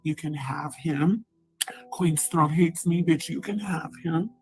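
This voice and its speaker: A woman ranting on a livestream, combative and profane, with sudden loud outbursts. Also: low voice, takes it slowly, faint music behind.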